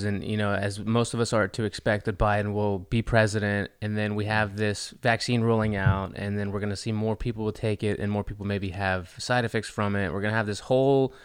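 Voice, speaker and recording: Casting note: young male podcast co-host, fast and opinionated, dry close sound. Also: lowish voice, steady tone, fairly bright tone, clean tone, no echo. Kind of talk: casual podcast chat.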